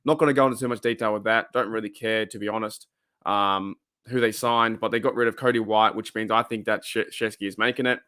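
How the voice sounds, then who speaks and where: A man's voice: fairly low pitch, fairly even intonation, brisk, pushed and bright, clean tone. Laid-back Australian man rambling on stream. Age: 30s. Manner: rambling, laid-back, repeats himself, chuckles often. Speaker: host of a fan livestream. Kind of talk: casual livestream chat reacting to viewers.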